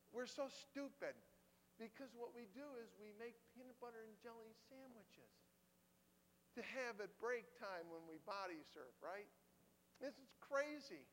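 A man's voice: very high-pitched, fairly bright tone. A man preaching a sermon in a conversational, emotional way, often repeating phrases for emphasis. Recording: long hall reverb with faint hum.

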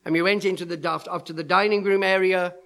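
Male preacher, middle-aged, bright tense tone; animated storyteller. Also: sits high, brisk, gravelly. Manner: animated storyteller acting out quoted voices. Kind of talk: sermon storytelling.

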